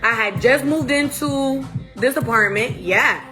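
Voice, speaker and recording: A woman on a livestream, telling a long night-out story in a blunt, profane, animated way. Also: on the high side, measured pace. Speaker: livestream host. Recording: clear music behind the voice.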